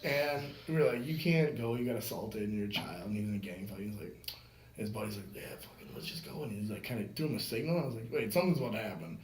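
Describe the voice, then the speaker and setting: Talking very fast in a lowish voice, a man hosting a podcast tells an animated, heavily profane story, performing the voices of the people he quotes. There's faint noise and echo from the room.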